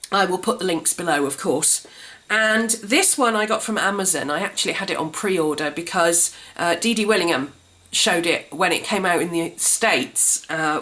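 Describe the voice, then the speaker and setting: A woman vlogging a gift guide in a chatty, enthusiastic way, her voice congested and a little gruff from a cold. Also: fairly low pitch, fairly bright tone. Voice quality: slightly gruff. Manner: chatty, enthusiastic, self-described colouring book nerd. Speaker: craft vlogger. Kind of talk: casual gift guide chat.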